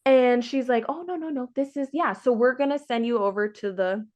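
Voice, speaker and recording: A woman's voice: on the high side, a little fast, darkish tone. Frank woman telling a story, acting out dialogue. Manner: frank, exasperated. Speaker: podcast host sharing her surrogacy story. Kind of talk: casual chat.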